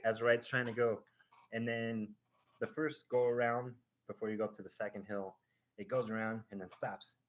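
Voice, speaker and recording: Lower-voiced man telling a rambling story. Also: normal speed, a little hiss or hum. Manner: animated, acting out a ride with sound effects; rambling, with restarts and fillers. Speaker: host of a live stream. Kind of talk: casual chat, storytelling.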